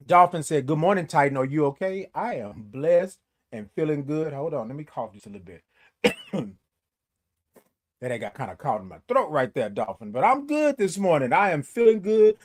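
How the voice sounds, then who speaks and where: Lively, high-voiced man singing out greetings. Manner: animated, sings snatches and drawn-out greetings. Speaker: host of a morning livestream show. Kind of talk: casual chat greeting live viewers.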